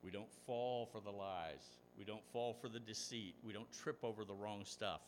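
A man's voice: lowish voice, moderate pace, a little hiss or hum. A man preaching a sermon as pastor, telling stories and asking rhetorical questions, his voice rising for emphasis.

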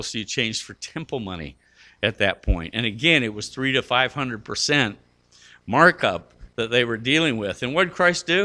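A middle-aged man preaching with a bright, forward tone at an ordinary pitch. He talks earnestly and conversationally, restarting phrases and using fillers. He climbs to emphatic peaks to stress a point. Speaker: pastor. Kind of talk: sermon.

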